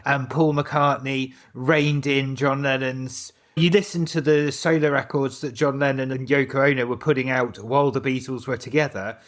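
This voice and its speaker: A man co-hosting a music podcast, reasoning his view aloud in a relaxed, thoughtful way. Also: medium pitch, moderate pace, few pauses. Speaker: podcast co-host. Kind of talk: casual chat.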